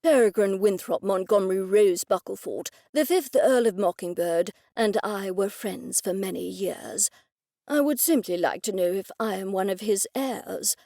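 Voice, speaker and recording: A man's voice: high-pitched, moderate pace, gravelly, warm tone, no room sound, studio quality. Woman voicing a pompous old English gent. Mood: formal. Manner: stiffly formal, old-fashioned phrasing. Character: pompous elderly English gentleman, formal and stubborn.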